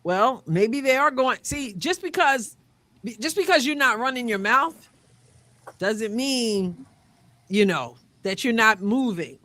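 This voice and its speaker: Bright-voiced woman hosting a sports stream. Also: a little high, expressive, takes it slowly. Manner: upbeat, chatty, repeats words while reading comments. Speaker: host. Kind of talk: live-stream sports talk.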